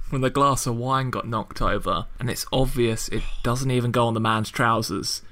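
A man chatting on a casual podcast. He drops wry, quick asides into the talk. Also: mid-range voice, fairly even intonation, a bit bright.

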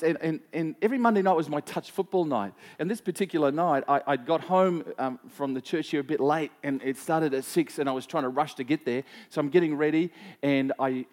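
This pastor's voice is a little high and a little mellow as he delivers a conversational sermon. Personal anecdotes and questions for the congregation fill it, along with frequent repeats and fillers.

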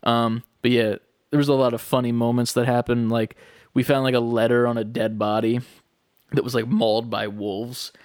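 A man's voice: mid-range voice, level tone, normal speed, a little mellow, dry recording, clean studio sound. A young man chatting on a podcast, telling a rambling story full of fillers. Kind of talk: casual chat.

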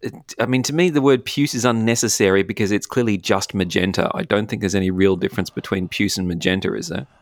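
A man's voice: fairly low pitch, steady tone, fast, no echo. A man with an Australian accent, a philosopher guest chatting casually, rambling and self-deprecating with frequent laughs. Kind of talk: casual chat.

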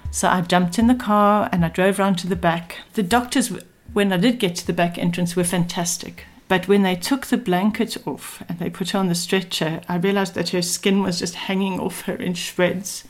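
A woman's voice: lowish voice, fairly even intonation, moderate pace, few pauses. Older South African woman recounting her past. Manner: earnest, reflective recollection with quoted dialogue. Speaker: former spy interviewee. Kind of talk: personal storytelling. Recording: music bed under speech.

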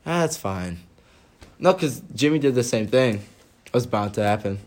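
A man's voice: mid-range voice, expressive, moderate pace, a little mellow. A tired young man co-hosting a podcast, rambling through a story in casual chat with restarts and laughs. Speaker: podcast co-host.

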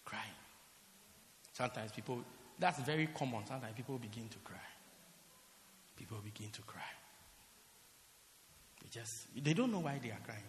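A man's voice: medium pitch, lively intonation, normal speed, long pauses, slight background noise. A man preaching a sermon as pastor, emphatic and repeating his phrases for effect. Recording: echoey hall with long reverb.

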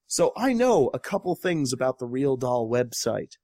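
A man's voice: medium pitch, normal speed, no room sound, studio quality. A man co-hosting a casual talk show, ranting sarcastically and swearing as he tears into news articles. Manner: animated, profane, sarcastic. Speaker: podcast co-host.

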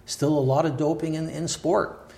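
An older man from Canada reflects at length as an interview guest, circling back on his points with restarts and careful hedges. His voice sits a little high for a man. The room around him rings with echo. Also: level tone, moderate pace, gravelly, a little mellow, a little hiss or hum. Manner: thoughtful, hedging, many restarts and asides. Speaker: podcast guest, former Olympic wrestler and sports lawyer. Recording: roomy echoey room.

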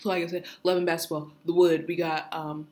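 A woman's voice: on the low side, level tone, brisk, a little mellow. A woman co-hosting a casual podcast chat, giggly and mock-emotional as she jokes with her friend. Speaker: co-host. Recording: echoey room with faint noise.

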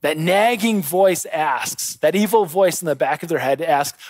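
A man preaching a sermon, swinging between quiet intensity and raised urgency. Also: fairly high pitch, animated, measured pace, hardly any pauses, no echo. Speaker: pastor.

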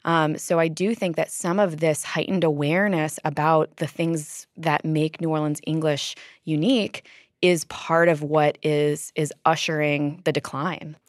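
A woman's voice: sits low, steady tone, measured pace, dry recording, clean studio sound. A woman, a linguist, explaining her research in an interview, thoughtful and full of ums and uhs.

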